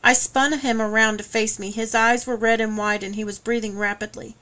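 A woman reading an audiobook in first person, steady and measured. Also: on the high side. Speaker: audiobook narrator. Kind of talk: scripted first-person narration.

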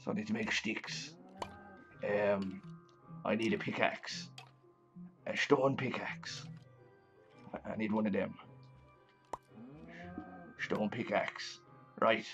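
A man's voice: lowish voice, fairly even intonation, slow pace, long pauses. A man hosting a let's play in a pirate persona, growling "arr" between chatty remarks. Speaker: gaming channel host. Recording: slightly dull lo-fi with faint music.

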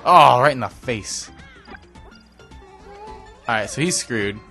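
An excitable young man talks over a video game, his pitch swinging widely between grumbles and yelps. He speaks slowly and mocks his own play. Faint music plays underneath. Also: slightly rough. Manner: excitable, self-deprecating, given to sudden yelps. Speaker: let's play commentator. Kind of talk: casual gameplay commentary.

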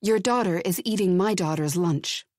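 Brisk, commanding woman chemist, read by a woman narrator, low-voiced, clipped and scolding, dry close sound. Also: darkish tone, dry recording, lightly acted. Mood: indignant. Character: brisk, self-assured woman chemist, adult.

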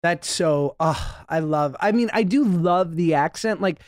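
Guy cohosting a pod, kinda high voice, dry close mic, jokey and self-mocking. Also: dry recording. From New York. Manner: self-deprecating, quick laughs. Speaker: podcast co-host. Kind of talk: casual chat.

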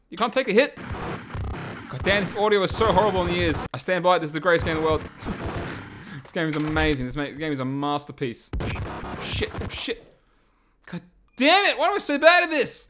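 A young man giving loud, exaggerated let's play commentary, swearing and laughing as he plays. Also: sits high, background noise. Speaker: gamer playing a game.

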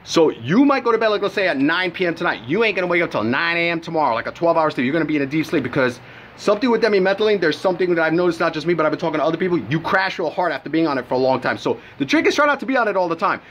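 A man's voice: on the high side, animated, racing, a bit bright, a little hiss or hum. A young man giving a brash, profane supplement review in a casual vlog, telling his story with lots of animation.

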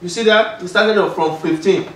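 Nigerian teacher guy, bit higher voice, drills words over n over, roomy far-off sound. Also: a bit bright, a little hiss or hum. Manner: repeats words slowly, drills pronunciation. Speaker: Yoruba language teacher. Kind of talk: patient classroom teaching.

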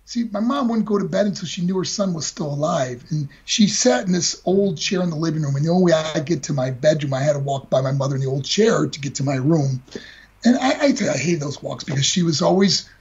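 An older man with a very husky voice, telling a personal story in an earnest, heartfelt way with many repeated words. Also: fairly high pitch, fairly quick, darkish tone. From United States. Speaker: guest speaker. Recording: dull lo-fi call audio.

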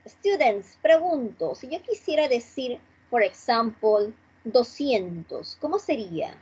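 A woman leads an online English class, talking slowly and repeating each word for practice. Her voice is very husky and fairly high, and it comes through a dull, lo-fi video call. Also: expressive, darkish tone. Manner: slow, drilling repetition, switching between English and Spanish. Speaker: English teacher.

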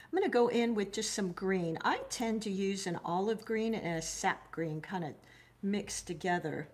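A woman's voice: medium pitch, animated, normal speed, a little mellow. A middle-aged woman runs a live watercolor lesson in a friendly, chatty way. She greets her viewers by name and often trails off or restarts mid-thought. She jokes about her own shortcomings as she goes. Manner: self-deprecating, loses her thread mid-sentence. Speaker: watercolor art teacher. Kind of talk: live-streamed painting lesson.

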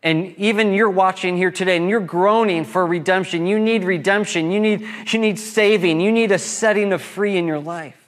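A man preaching a sermon as pastor, rising to loud impassioned peaks and dropping to soft, slow lines. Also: high voice. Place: church.

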